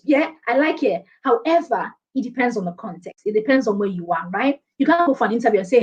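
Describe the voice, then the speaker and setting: A Nigerian woman giving a lively online workshop on presentations, emphatic and animated, often laughing and mimicking others. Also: fairly high pitch, quick pace, few pauses, highs cut off. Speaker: presentation skills speaker. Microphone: video call.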